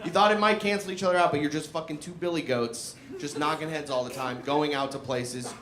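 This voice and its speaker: A man's voice: a little high, fairly even intonation, brisk. A man doing a live stand-up set in a barbershop, profane and self-mocking, often quizzing the crowd. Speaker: stand-up comedian. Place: live comedy show in a barbershop. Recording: echoey room with loud audience.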